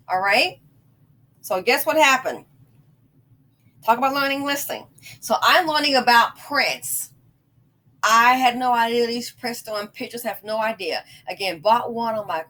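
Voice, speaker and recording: Woman vlogger, slightly high voice, excitable rambling storyteller, casual monologue to camera. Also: moderate pace, slight background noise.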